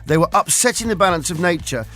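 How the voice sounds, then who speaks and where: A man hosting a radio show, quick and jokey, laughing often through the banter. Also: high voice, lively intonation, fairly bright tone. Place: radio studio.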